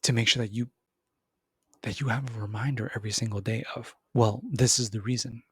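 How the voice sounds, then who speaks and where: A man hosting a podcast, giving an animated motivational monologue, repeating words and acting out other voices. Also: fairly quick, slightly rough, dry recording, studio quality. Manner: animated, repeats words, acts out voices with big pitch jumps. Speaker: podcast host.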